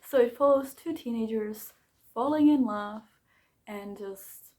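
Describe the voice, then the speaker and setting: A woman chatting casually about books she read, animated and full of fillers and little laughs. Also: fairly high pitch, a little slow. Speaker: book vlogger. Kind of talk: casual book review chat.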